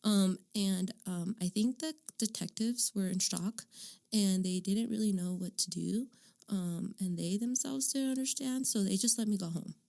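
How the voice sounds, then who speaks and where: A woman's voice: medium pitch, unhurried, vocal fry, darkish tone. A woman in her thirties from Arizona, candidly telling her life story in an interview, with lots of "um" and "like". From Arizona, United States. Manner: candid, frequent "um" and "like". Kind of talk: personal storytelling.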